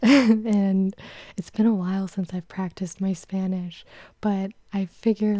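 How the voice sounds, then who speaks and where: Woman, host, soft-spoken, chatty, even and level, mellow dark tone. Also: medium pitch, a little slow, hardly any pauses, dry recording. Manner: chatty, many "like" fillers.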